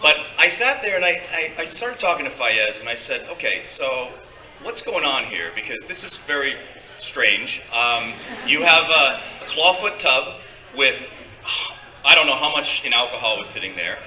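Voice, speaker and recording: Telling a rambling story to a live convention crowd, this man uses a medium-pitched, pushed and bright voice that is very animated, at normal speed. Fillers and restarts pepper his delivery, and the distant mic picks up the echoey hall.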